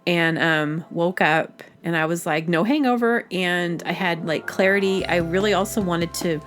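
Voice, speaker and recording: A woman's voice: on the low side, moderate pace. A woman hosting her own show, telling a story in a loose, chatty way full of fillers and self-corrections. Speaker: podcast host. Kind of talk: casual storytelling monologue.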